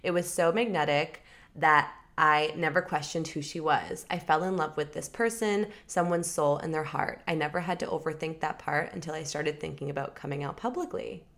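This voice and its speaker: Chatty young woman podcast co-host, lower voice. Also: fairly even intonation, moderate pace, a bit bright. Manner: upbeat, chatty, laughs often. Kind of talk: casual celebrity gossip chat.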